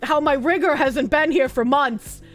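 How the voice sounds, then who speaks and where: A woman streamer chatting casually and reading chat aloud, giggly and animated, with a slightly rough throat. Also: sits high, normal speed, soft background music.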